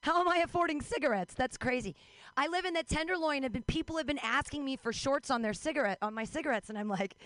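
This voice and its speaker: A young woman works through a stand-up set out in the street, wry and self-mocking, tossing off quick asides. Her voice sits a little high, and the sound is close and dry with no room around it. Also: animated, fairly bright tone, dry recording. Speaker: stand-up comic. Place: street outdoors.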